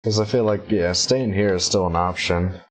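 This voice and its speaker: A man with a lowish voice talks through the group's plans at a tabletop game. He speaks tentatively, thinking aloud as he goes. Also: normal speed. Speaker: player. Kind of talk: casual game chat.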